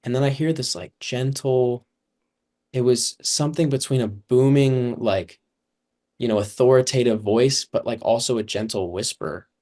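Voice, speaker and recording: A man's voice: mid-range voice, steady tone, normal speed, mellow. A young man giving personal testimony as an interview guest, earnest and filling his speech with "like". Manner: earnest, heavy use of "like".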